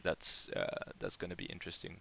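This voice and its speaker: A man's voice: low-pitched, sing-song, a little fast, creaky, bright, forceful tone, breathy edge. A man hosting a live community Q&A, chatting casually and rambling with lots of fillers and restarts. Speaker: project lead hosting a community AMA.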